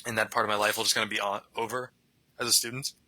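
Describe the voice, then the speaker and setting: A man's voice: fairly low pitch, level tone, very fast, sharp tone, dry recording, poor audio. A young man chatting casually and rambling, often laughing as he talks. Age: young adult. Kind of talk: casual conversation.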